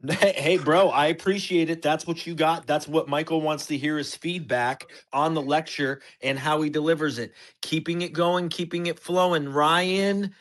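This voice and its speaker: A man hosting an online audio chat, brisk and upbeat as he moves callers along. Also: on the high side, fairly even intonation. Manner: brisk, upbeat, keeps things moving. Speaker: host.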